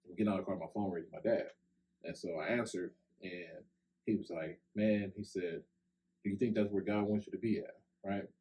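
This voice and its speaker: A man's voice: sits low, fairly even intonation, a little fast, dark tone, a little hiss or hum, rough recording. A young man telling a long personal story on a podcast, in a loose conversational way full of "like" and "right?". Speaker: podcast co-host. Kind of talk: casual storytelling chat. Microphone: podcast microphone.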